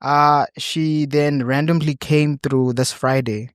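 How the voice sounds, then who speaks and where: A man's voice: a little high, steady tone, clean tone, dry recording, clean studio sound. Hesitant young man. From South Africa. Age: 20s. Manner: halting, many ums and restarts. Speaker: guest. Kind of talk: hesitant personal storytelling.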